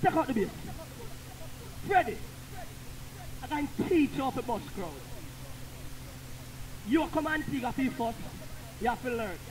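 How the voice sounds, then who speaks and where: A man with a Jamaican accent, a sound system selector shouting hype talk in patois at a live clash. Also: extremely high pitch, animated, unhurried, pauses often, a crowd in the background, rough recording. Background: loud dancehall music.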